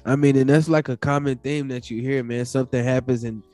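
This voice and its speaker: A man hosts a podcast interview, asking relaxed questions full of fillers. His tone is warm and mellow, recorded dry and close. Faint guitar music sits underneath. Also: medium pitch, brisk, dry recording. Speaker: podcast host.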